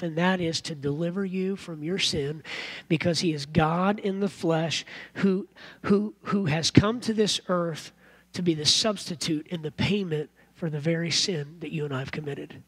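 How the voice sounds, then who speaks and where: A man preaching a sermon as pastor in a church, earnest and animated, often repeating phrases. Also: fairly high pitch, moderate pace, breathy edge.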